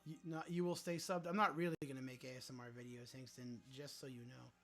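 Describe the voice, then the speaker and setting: A man's voice: medium pitch, steady tone, brisk, a bit bright, soft background music. A man hosting a casual livestream, joking around and answering viewer chat aloud, with some swearing. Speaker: livestream host.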